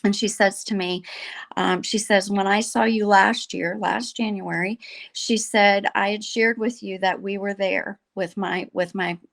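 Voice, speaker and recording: Woman guest, middle pitch, earnest and animated storyteller. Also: a little slow, vocal fry. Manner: earnest, animated storyteller who quotes others. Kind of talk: storytelling in a podcast conversation.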